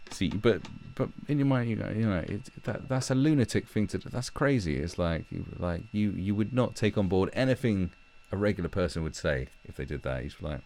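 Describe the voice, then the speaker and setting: A man's voice: deep voice, animated, brisk, few pauses, darkish tone. A man hosting a livestream, ranting bluntly and mockingly, with plenty of swearing. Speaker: livestream commentary host. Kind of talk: casual ranting commentary.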